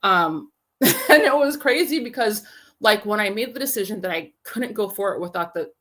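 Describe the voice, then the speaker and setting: A woman, a film festival founder, telling stories in a casual interview, rambling and animated with many fillers. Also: mid-range voice, normal speed.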